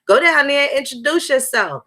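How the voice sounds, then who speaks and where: A woman's voice: high voice, expressive, moderate pace, bright, forceful tone. A woman hosting a casual conversation, talking bluntly with heavy cursing and strong emphasis. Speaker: host.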